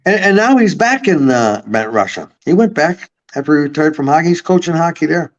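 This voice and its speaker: A man's voice: on the high side, lively intonation, fairly quick. A man from Buffalo, New York, a podcast guest, telling long rambling stories with swearing. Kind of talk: casual storytelling. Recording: slightly muffled audio.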